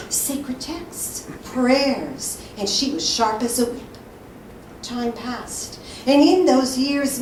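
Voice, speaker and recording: A woman storyteller telling a folk tale live with expressive, lively delivery, recorded in a hall. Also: on the high side. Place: synagogue hall. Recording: roomy, distant live mic, faint hiss.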